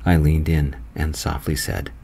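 A man narrating his own romance story in a gentle, slow, soft-spoken voice. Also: a bass voice, level tone, vocal fry, breathy edge.

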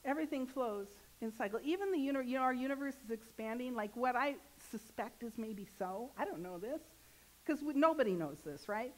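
A woman's voice: a little high, expressive, fairly quick, rough recording. A woman minister giving a sermon in a church, joking and asking her congregation questions in a conversational way. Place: church sanctuary.

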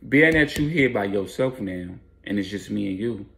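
A man voicing a young man out for revenge, blunt and profane, with a low gravelly voice. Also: animated, normal speed, a bit bright. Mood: menacing. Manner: blunt, profane street talk.

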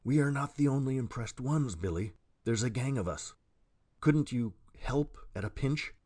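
A man voicing a sly, secretive male sailor who speaks in a quick, husky, hushed whisper, in a storybook reading. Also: mid-range voice, animated. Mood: furtive.

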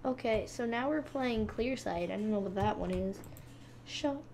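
Playful high-voiced woman gaming host. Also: normal speed, a little mellow, a little hiss or hum. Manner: chatty, playful, talks to viewers while clicking. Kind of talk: casual gameplay commentary.

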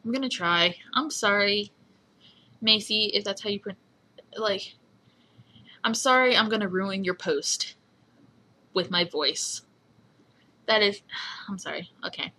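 A young woman rambling in a casual voice memo, apologizing often and speaking in a husky voice. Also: medium pitch, measured pace, long pauses, pushed and bright. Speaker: fan recording a voice memo.

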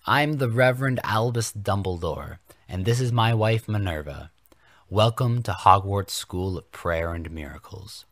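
Southern preacher man voiced by a man, booming, folksy, genial, Southern accent, sweeping pitch. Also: expressive, measured pace, fairly bright tone, no room sound, studio quality.

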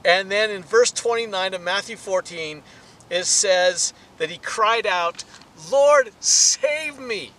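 High-voiced animated preacher man. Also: measured pace, poor audio. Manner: animated, rises in pitch and volume for emphasis. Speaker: pastor. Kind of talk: sermon teaching.

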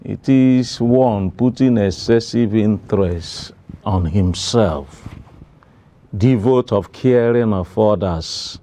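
A Nigerian clergyman reading scripture and explaining it slowly and deliberately, with some hesitations, in a Bible study. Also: on the low side, mellow, a little hiss or hum. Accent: Nigerian English. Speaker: Anglican clergyman. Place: television studio.

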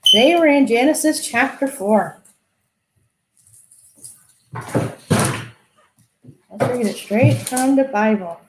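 A woman telling a Bible story to children in an animated way, asking them questions. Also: on the high side, takes it slowly, long pauses, very noisy. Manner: animated, asks kids questions. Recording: echoey room.

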